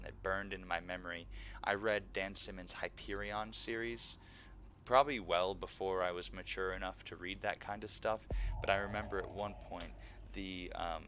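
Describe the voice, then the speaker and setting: Male streamer in his thirties: low, bright, forceful voice, excitable nerd chatting to viewers. Faint background noise. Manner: animated, laughs often, nerdy enthusiasm. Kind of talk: casual live-stream chat.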